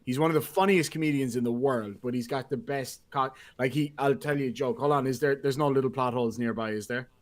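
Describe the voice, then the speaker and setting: A man's voice: medium pitch, fairly even intonation, fast, few pauses. A man co-hosting a casual livestream chat, reading viewer comments and telling jokes. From lives in Australia. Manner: chatty, reads viewer comments, tells jokes. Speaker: co-host.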